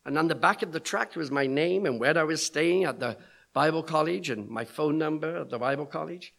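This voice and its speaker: A man's voice: a little high, brisk, creaky, fairly bright tone. A middle-aged man preaching, telling stories and acting out the voices of people he quotes. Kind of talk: sermon storytelling.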